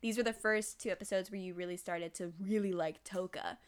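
A woman's voice: mid-range voice, fairly even intonation, fairly quick. A young woman co-hosting a podcast, chatting casually and teasingly about an anime and explaining it to listeners. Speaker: podcast co-host. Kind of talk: casual anime review chat.

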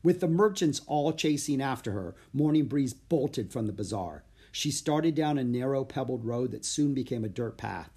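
A man narrating a children's audiobook in a steady, plain storytelling voice. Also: mid-range voice, moderate pace, few pauses, husky.

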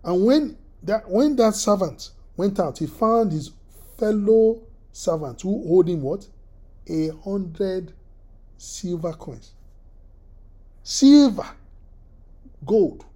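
Halting husky preacher. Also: medium pitch, animated, dark tone. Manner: halting, repeats words, asks the listeners questions; often clears throat. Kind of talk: sermon.

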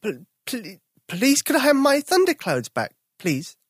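A young boy with a small, high voice, shy and quick to stammer, as a storyteller puts him on. The pitch swings around a lot, and the recording is dry and close. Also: lively intonation, gravelly, slightly rough, dry recording, exaggerated voice. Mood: nervous. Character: young boy Tom, timid but curious.

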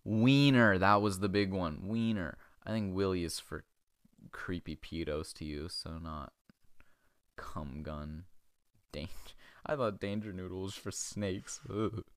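A man's voice: deep voice, unhurried, a bit bright, no room sound. A man hosting a comedy podcast, rambling crudely in casual chat and chuckling as he goes. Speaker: podcast host.

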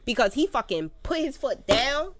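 A woman hosting a podcast, telling stories in casual, profane, animated chat. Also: high voice, moderate pace, no room sound. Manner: profane, animated storytelling with laughs. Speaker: podcast host.

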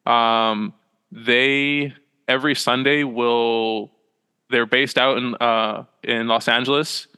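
A young man chatting as a podcast guest from a small room at home, with a bright, forward tone that stays flat and even in pitch. He rambles and halts, piles up fillers and corrects himself mid-sentence. His smooth voice trails a long reverb behind it. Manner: rambling, halting, full of fillers and self-corrections. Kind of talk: casual interview chat.

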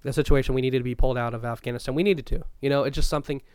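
A man's voice: medium pitch, steady tone, rapid-fire, darkish tone, clear, resonant tone, no room sound. A young man co-hosting a podcast, talking loosely in a rambling way and swearing often. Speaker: podcast co-host. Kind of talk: casual chat.

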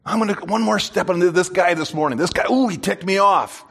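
A man, a pastor, preaching a sermon in an animated way and joking with his congregation. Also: high-pitched, fairly quick, gravelly, slightly rough. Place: church.

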